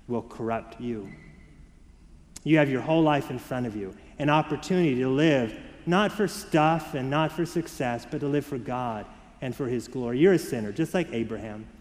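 Pastor, male, fairly high voice, sermon delivery with expressive soft-to-lively shifts, church room with long reverb. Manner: varied and expressive, dropping soft for emphasis, rising for children. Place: church sanctuary.

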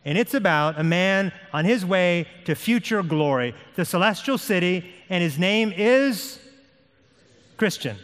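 A man's voice: high-pitched, expressive, measured pace, a bit bright. A man preaching a sermon as pastor, with an impassioned delivery that rises and falls. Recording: long hall reverb.

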